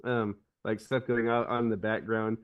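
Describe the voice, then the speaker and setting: A man's voice: fairly low pitch, flat delivery, moderate pace, clean tone, far from the mic, phone-quality sound. A man on a podcast, chatting casually and retelling a film scene with many restarts. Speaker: podcast co-host. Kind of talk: casual chat.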